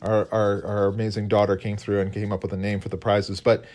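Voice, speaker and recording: His voice is fairly low, level, and somewhat dark, and he talks fairly quickly. He co-hosts a live painting stream as an illustrator, keeping up casual, rambling, self-deprecating chat while painting.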